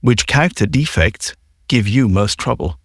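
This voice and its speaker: A man hosting a recovery podcast, asking measured, sympathetic questions. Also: medium pitch, expressive, dry recording, studio quality. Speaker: podcast host. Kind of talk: interview questions.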